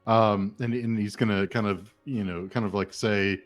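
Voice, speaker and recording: A man's voice: fairly low pitch, fairly even intonation, normal speed, faint music behind. A man narrating a tabletop game as game master, hesitant and full of fillers.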